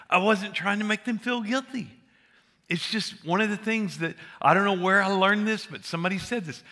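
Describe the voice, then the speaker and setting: Older preacher guy, crisp bright tone, chatty funny sermon stories. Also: high-pitched. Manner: folksy storytelling, joking with the congregation. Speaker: pastor.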